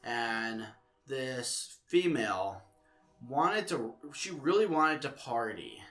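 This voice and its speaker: A man's voice: mid-range voice, big pitch swings, slow, sharp tone. A young man co-hosting a podcast in casual chat, telling stories loosely, laughing and swearing. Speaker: podcast co-host.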